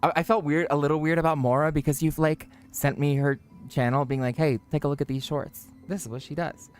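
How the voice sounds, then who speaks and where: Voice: fairly even intonation, fairly quick, clean tone. Profane, joking livestreamer with faint music. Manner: joking, profane, self-mocking; pitch jumps up high for greetings. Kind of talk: casual livestream chat.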